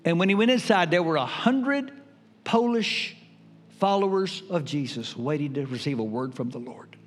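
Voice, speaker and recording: An older man preaching a sermon as pastor, emphatic with dramatic pauses. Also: fairly high pitch, animated, soft background music. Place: church sanctuary. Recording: reverberant church hall.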